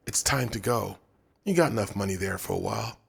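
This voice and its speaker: A man's voice: fairly low pitch, fairly quick, gravelly, slightly rough, full character voice. Martin, a man voicing a cold commanding youth. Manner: curt, cold, flat orders. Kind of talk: audiobook narration.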